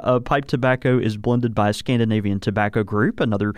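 A man's voice: lowish voice, fairly quick, hardly any pauses, no echo, clean studio sound. A man co-hosting a podcast, chatting easily with many ums and uhs as he talks through a sponsor. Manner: relaxed, many ums and uhs, trailing restarts. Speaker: podcast co-host reading a sponsor segment. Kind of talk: casual chat.

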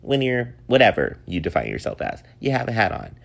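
A man's voice: lowish voice, huge pitch swings, brisk, creaky. A man in his thirties hosting a solo podcast, chatting in a rambling, easygoing way and laughing often. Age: 30s. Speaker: podcast host. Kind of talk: casual solo podcast monologue.

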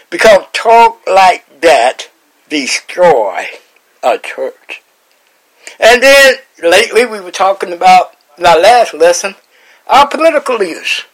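A man's voice: sits high, fairly bright tone, poor audio. A man hosting a Bible chat, preaching with repeated lines and rising emotional emphasis. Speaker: host and Bible teacher.

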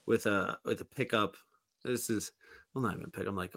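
In a dry recording, a man with a lowish, steady, slightly bright voice speaks at a moderate pace. As a podcast co-host, he spins a long, casual story full of "like" and false starts.

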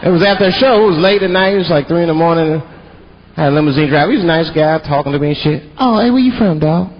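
A man from Washington, D.C. doing a stand-up comedy set in a theater, animated and jumping into mimicked voices. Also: a little high, rapid-fire, slight background noise. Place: theater stage before a live audience. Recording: muffled live stage recording with loud crowd.

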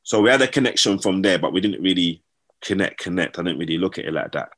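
Speaking fast in a low voice, a man tells slangy, animated stories and performs what people said in them.

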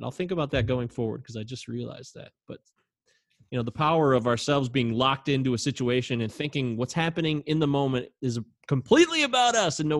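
A man co-hosting a podcast in easy, rambling chat, given to poking fun at himself. His voice has a gravelly, fry-laced edge. The sound is dry and close, with no room around it. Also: medium pitch, dry recording. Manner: chatty, self-deprecating, laughs easily. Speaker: podcast co-host. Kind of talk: casual chat.

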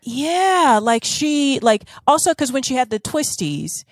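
A woman's voice: sits high, big pitch swings, a little slow, no echo, studio quality. A woman co-hosting a podcast in casual chat, gushing and groping for words with lots of fillers. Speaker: podcast co-host.

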